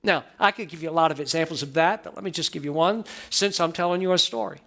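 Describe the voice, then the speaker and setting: A man's voice: fairly high pitch, fast talker, vocal fry, a bit bright. A man pastor preaching a storytelling sermon in a church, reading a quoted passage aloud and regularly checking in with the congregation. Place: church sanctuary.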